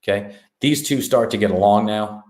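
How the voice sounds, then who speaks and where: A man's voice: on the low side, moderate pace, darkish tone, a little hiss or hum. A man, hosting a podcast and recapping an episode in a rambling, laid-back way. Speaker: podcast host. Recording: echoey room.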